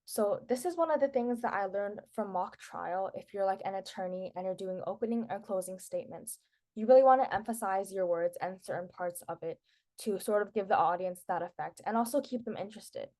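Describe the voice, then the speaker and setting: A woman's voice: mid-range voice, fairly quick, darkish tone. A teenage girl presenting public speaking tips to a class in a casual, chatty way, with lots of filler words. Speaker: student presenter.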